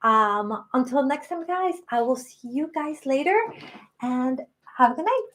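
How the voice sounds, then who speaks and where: A woman's voice: high voice, expressive, unhurried, fairly bright tone. A woman in her late thirties hosting a live stream, talking earnestly and emotionally about self-worth. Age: 30s. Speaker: spiritual channel host.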